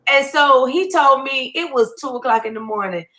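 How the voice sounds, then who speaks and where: A woman's voice: sits high, moderate pace, background noise. A woman comedian, telling a story in a casual video chat and acting out the voices in it. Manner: animated, acts out the voices in her story. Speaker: guest comedian. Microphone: online video chat.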